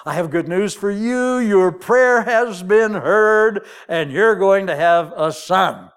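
A man voicing an angel messenger, brisk and declaring. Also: high voice, clean tone. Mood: announcing. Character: reassuring male angel messenger.

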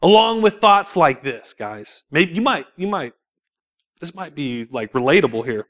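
Man preaching, sermon, slightly raised pitch, lively storytelling, rhetorical questions, church. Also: measured pace. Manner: laughs between points.

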